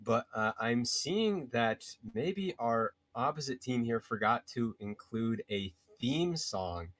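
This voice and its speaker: A man playing on a live-streamed game show. He speaks in a playful, theatrical way, with a mid-pitched voice. The sound is dry. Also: lively intonation, takes it slowly, a bit bright, no echo. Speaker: player. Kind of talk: casual live-stream chat.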